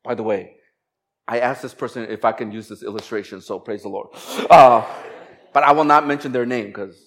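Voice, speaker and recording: A man preaching as a pastor, moving from slow, emphatic scripture reading into a chatty, laughing personal story. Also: mid-range voice. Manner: conversational, animated storytelling with laughs and quoted voices.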